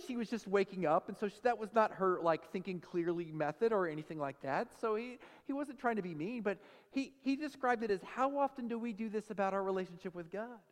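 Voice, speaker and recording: Male pastor, sermon, lively storytelling, high voice, reverberant sanctuary. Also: quick pace, hardly any pauses. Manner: animated storytelling, acts out quoted voices. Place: church sanctuary.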